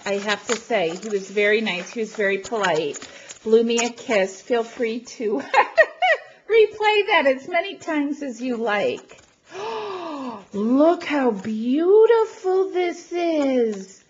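A woman's voice: high-pitched, slight background noise. Gushing, gasping woman on lo-fi video. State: feeling unwell. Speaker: crafting vlogger opening a gift package. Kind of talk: excited unboxing chat to camera. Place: at home.

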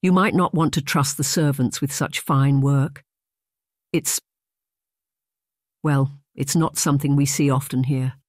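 The audiobook narrator voicing a cheerful young female housemaid who talks briskly and deferentially. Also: mid-range voice, steady tone, no echo, clean studio sound, lightly acted. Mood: wistful. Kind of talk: audiobook character voice.

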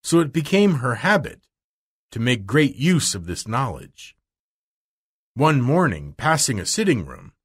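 A man reading a children's novel aloud slowly and expressively for language learners. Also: mid-range voice. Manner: slow, clear, expressive. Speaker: narrator.

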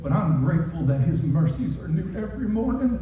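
A male pastor preaching a sermon with emphatic repetition, moving from raised, shouted lines to soft ones. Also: high-pitched, very animated, brisk, a crowd in the background. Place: church hall. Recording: echoey hall from far off, dull.

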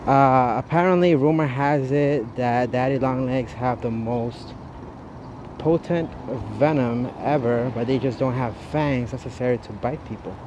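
A man doing a casual live walking vlog while playing a mobile game, chatty and profane, with loud exasperated outbursts. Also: mid-range voice, a little slow, muffled recording. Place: outdoors on a city street, walking. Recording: noisy city street, traffic behind.

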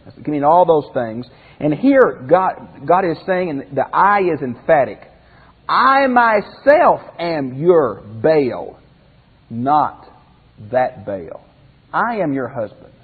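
A man's voice: on the high side, slightly rough. A man, a pastor, teaching a Bible class in a conversational way, asking the group questions and restarting phrases as he goes. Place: classroom or church hall with a group. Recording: phone-like lo-fi audio in a reverberant hall.

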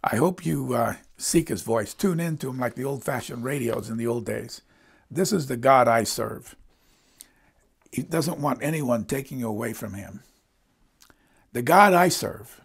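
A middle-aged male pastor preaching with earnest emphasis. His voice has a gravelly, creaky edge and a husky grain. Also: medium pitch, lively intonation, a little slow. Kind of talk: sermon.

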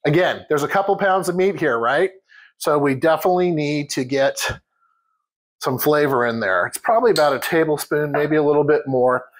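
A man's voice: fairly high pitch, animated, normal speed, poor audio. A man hosting a home cooking demonstration in a kitchen, chatting casually and addressing viewers as guys.

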